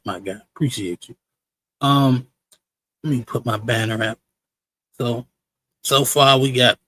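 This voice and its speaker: A man's voice: medium pitch, fairly bright tone, dry recording, low-quality recording. Slangy, chatty male stream host. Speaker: livestream show host. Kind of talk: casual live-stream commentary.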